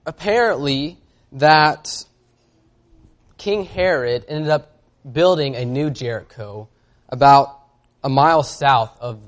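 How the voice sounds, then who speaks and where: A man preaching a sermon in a casual, conversational way, reading scripture aloud and often pausing on fillers. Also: on the high side.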